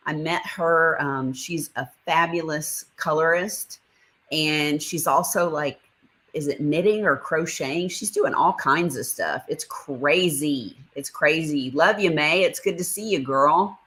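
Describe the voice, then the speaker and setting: A woman's voice: deep voice, a little slow, a bit bright, rough recording. A woman hosting a casual livestream, chatting and greeting viewers by name as she reads their comments. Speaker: livestream host. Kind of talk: casual live chat reading comments.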